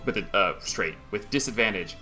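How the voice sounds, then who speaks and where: A man running a tabletop game, talking in a low, bright and forceful voice. He rambles and cuts himself off mid-thought as he rules on the action. Faint music plays behind him. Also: expressive, moderate pace. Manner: rambling, self-interrupting. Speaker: game master.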